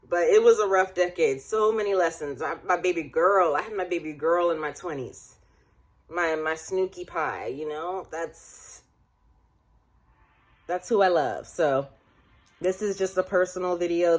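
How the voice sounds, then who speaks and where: Emotional late-twenties woman, lower voice. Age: late 20s. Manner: rambling, emotional, often laughing, near tears. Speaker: vlogger. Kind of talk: personal reflective vlog.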